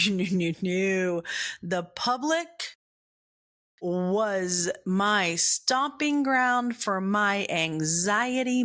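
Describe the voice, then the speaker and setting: Slow-talking woman telling comic stories. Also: mid-range voice. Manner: animated, self-deprecating, laughs at herself; acts out other people's lines in quick put-on voices. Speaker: podcast host. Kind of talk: comic personal storytelling.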